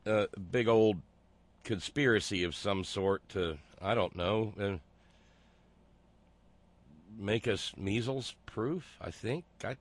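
A man hosting a talk show, speaking in a sarcastic, halting way with many fillers and restarts. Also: on the low side. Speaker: host. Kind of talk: casual commentary.

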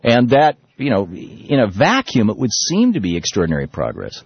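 Husky-voiced talk radio host, lively. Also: male voice, lowish voice, normal speed, no room sound. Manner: loose, animated delivery with many restarts and fillers. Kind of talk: political talk radio monologue. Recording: muffled lo-fi radio broadcast.

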